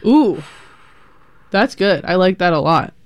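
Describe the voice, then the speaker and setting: A woman co-hosting a community radio show, with easy, chatty banter that keeps breaking into giggles. Her voice sits at a middle pitch. The studio sound is dry and close. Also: expressive, takes it slowly, dry recording. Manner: chatty, giggly, reads out phone number and donation link. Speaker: radio co-host. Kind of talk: casual on-air chat.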